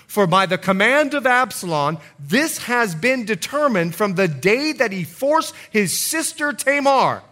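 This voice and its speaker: Middle-aged guy pastor preaching, kinda high voice, acts out the characters. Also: a little slow, few pauses. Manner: animated storytelling, acting out quoted voices. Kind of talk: sermon.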